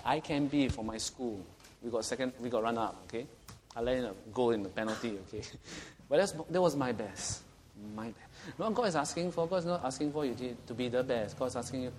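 A man's voice: mid-range voice, brisk, a little mellow, slight background noise. A middle-aged man with a Singaporean English accent, preaching a sermon in a conversational way, asking the congregation questions and chuckling at his own jokes.

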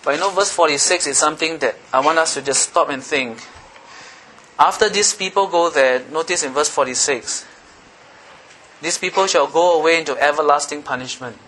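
Bright-voiced, emphatic male preacher. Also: a little high, normal speed, a little hiss or hum. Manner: emphatic, repetitive, questions the audience. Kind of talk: sermon.

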